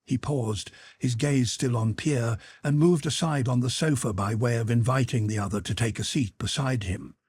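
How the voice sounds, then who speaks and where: A man reading a classic novel as an audiobook narrator in a steady, even storytelling voice. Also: mid-range voice, slightly rough, no echo, studio quality.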